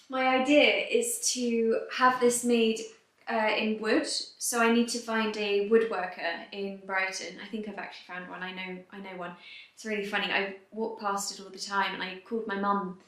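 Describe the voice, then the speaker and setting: A woman vlogging in a casual, chatty way, full of "like" and "um", her voice softening and trailing off at the ends of phrases. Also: on the high side. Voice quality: soft-spoken, trails off quietly at phrase ends. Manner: chatty, filler-heavy with frequent "like" and "um". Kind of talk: casual vlog chat to camera. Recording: echoey room.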